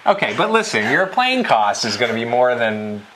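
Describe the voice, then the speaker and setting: A man co-hosts a casual tech news show from a studio, his pitch rising and falling a lot as he reads out prices with playful emphasis. His voice sits in a middle register, and a faint hiss runs under it. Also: very animated, normal speed, sharp tone.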